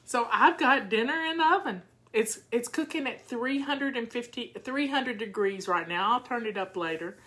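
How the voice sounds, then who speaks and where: An older woman who vlogs about home organizing chats casually and talks back to viewer comments in a folksy, talkative way during a live session. Her voice is a little high and fairly bright, and she keeps a normal speed with few pauses.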